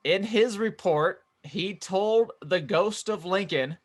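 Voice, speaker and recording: A man's voice: high voice, slow. A man co-hosting a comedy podcast, reading out facts and laughing easily. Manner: reads out facts, stumbles on names, laughs easily. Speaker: podcast co-host. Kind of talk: casual comedy podcast chat.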